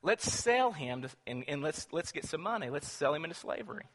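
A man voicing a greedy biblical brother who talks in a brisk, persuasive way. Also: a little high, big pitch swings, a bit bright, exaggerated voice. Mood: scheming. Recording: long church reverb.

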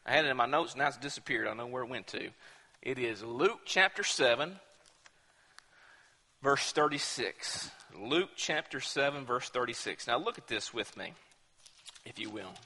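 A man's voice: medium pitch, expressive, moderate pace, sharp tone. A male pastor preaching a sermon with emphasis, often repeating words as he builds a point. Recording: echoey hall.

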